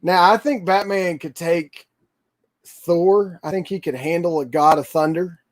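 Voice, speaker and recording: A man hosting a casual livestream, talking in a rambling, excitable way with lots of fillers. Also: fairly high pitch, unhurried. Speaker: toy channel livestream host.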